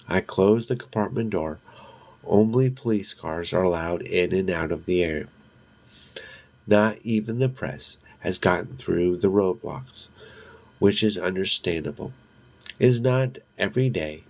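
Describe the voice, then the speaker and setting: Deep, slow-reading man narrating a novel. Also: creaky. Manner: measured, steady reading with occasional slips. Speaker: audiobook narrator.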